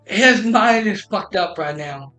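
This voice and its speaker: A man hosting a podcast stream, telling a long story in a halting way, restarting phrases and acting out what others said. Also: high-pitched, animated, bright, forceful tone, soft background music, poor audio. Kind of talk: casual rambling storytelling. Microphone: streaming mic.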